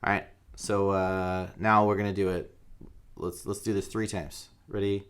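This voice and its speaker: A man's voice: low voice, level tone, unhurried, clean tone. A man teaching a guitar rhythm lesson in a casual, joking way, counting beats aloud while he strums.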